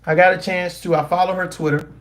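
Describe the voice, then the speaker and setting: A man talks straight to his live chat in a high voice. His tone is animated and incredulous. He restarts and repeats phrases as his opinions pile up. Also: quick pace. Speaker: commentary vlogger.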